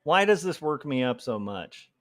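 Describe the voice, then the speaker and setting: A man's voice: a little high, big pitch swings, moderate pace. A man ranting on a casual livestream, heated and rambling, with many filler words. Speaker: comic artist livestreamer.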